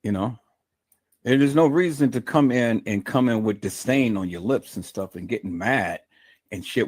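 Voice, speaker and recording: A man's voice: medium pitch, normal speed. A man hosting his own livestream, delivering an angry, profane, combative rant full of stammering restarts. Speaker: livestream host. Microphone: streaming mic.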